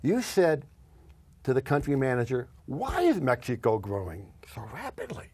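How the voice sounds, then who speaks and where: A man telling a story in an interview, acting out the dialogue with lively swings in his voice. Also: mid-range voice, normal speed, breathy edge, dry recording. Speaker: guest, company executive.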